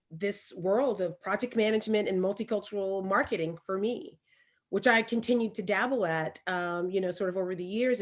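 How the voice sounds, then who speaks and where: A woman from Alabama with a Southern accent, co-hosting a podcast and telling stories in an emphatic, animated way. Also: lowish voice. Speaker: podcast co-host. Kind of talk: casual conversation.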